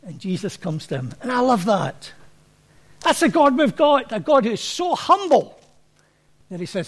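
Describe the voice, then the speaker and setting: A pastor preaching a sermon to his congregation in a very high voice. He talks in a conversational, anecdotal way and often acts out the people he quotes. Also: very animated, moderate pace, long pauses.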